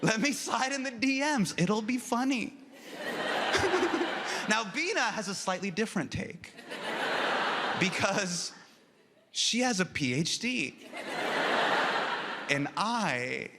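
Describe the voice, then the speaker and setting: A man's voice: high voice, animated, slow, long pauses. A male stand-up comedian telling a story animatedly and slipping into playful mock voices. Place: comedy stage with a live audience. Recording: loud crowd, noisy stage mic.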